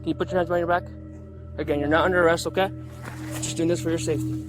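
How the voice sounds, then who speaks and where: A police officer on body cam, speaking calmly and reassuringly while detaining someone. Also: male voice, fairly high pitch, over music. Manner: calm, reassuring, quick. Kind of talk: body cam on-scene talk.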